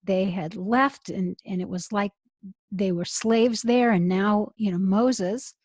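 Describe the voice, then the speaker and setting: A middle-aged woman rabbi, telling an expressive story as an interview guest over earphones on a call. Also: mid-range voice, slow pace, husky, no room sound. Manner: expressive, builds to emotional peaks. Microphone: earphones with mic.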